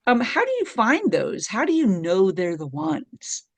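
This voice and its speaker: A middle-aged woman, a podcast guest, telling stories in an animated way and laughing often. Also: medium pitch, measured pace, no echo. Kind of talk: conversational storytelling.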